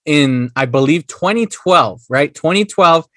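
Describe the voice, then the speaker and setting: A man's voice: a little high, animated, unhurried, a bit bright, dry recording, clean studio sound. A man in casual banter who laughs a lot, swears and slips into Spanish phrases. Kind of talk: casual chat.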